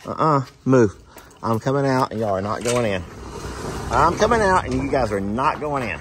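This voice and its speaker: A man's voice: mid-range voice, slight background noise. A man talking through a casual farm vlog outdoors, chatting with his animals. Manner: chatty, talks softly to the animals. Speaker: farm vlogger.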